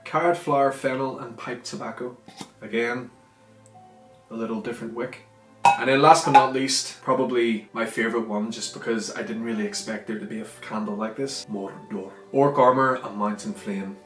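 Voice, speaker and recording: A young man with a Northern Irish accent, chatting enthusiastically in a casual food vlog and dropping into softer asides. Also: medium pitch. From Northern Ireland. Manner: chatty, enthusiastic, drifts between loud and soft asides. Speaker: vlogger. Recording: echoey room with faint music.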